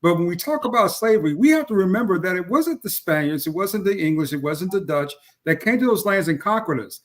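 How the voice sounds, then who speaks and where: A man on a discussion panel laying out his view in an earnest, deliberate way. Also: high voice, lively intonation. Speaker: panel guest. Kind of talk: casual discussion.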